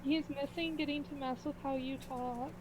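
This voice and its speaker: High-voiced woman player, relaxed and joking, over a noisy hum. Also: moderate pace. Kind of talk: casual stream chat.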